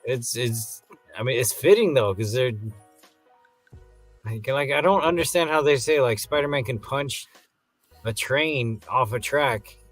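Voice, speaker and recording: A man's voice: mid-range voice, unhurried, faint music behind. A man co-hosting a casual movie review chat, breaking down the film and cracking jokes, with some word repetition. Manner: joking, analytical, repeats words. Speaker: podcast co-host.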